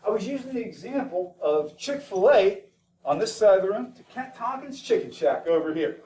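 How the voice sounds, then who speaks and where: A man with a high voice lectures a classroom, firing questions at his students and keeping things lively. He sounds set back from the mic, picked up from across the room. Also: normal speed, recorded from a distance, a little hiss or hum. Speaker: teacher.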